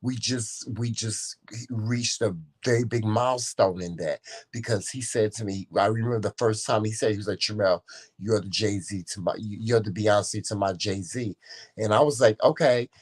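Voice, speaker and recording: A man co-hosting a casual couple's chat show, telling his side with expressive, theatrical storytelling. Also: on the low side, moderate pace, slightly rough. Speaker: co-host.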